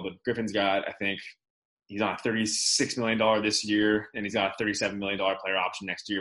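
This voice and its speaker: A man's voice: fairly low pitch, pushed and bright, low-quality recording. A man co-hosting a casual sports podcast, rambling and restarting his sentences. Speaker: podcast co-host.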